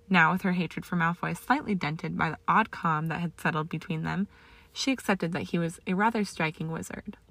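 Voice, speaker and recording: Low, gravelly woman reading a story aloud. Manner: steady storytelling with small slips. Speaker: narrator. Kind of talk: reading fan fiction aloud.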